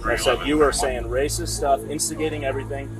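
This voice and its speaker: A male police officer outdoors, calm and firm, questioning people and laying out the situation, recorded on a body camera. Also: medium pitch, fairly quick, over a noisy crowd. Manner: calm, firm, matter-of-fact. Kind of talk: questioning and briefing on scene. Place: outdoors by a pool.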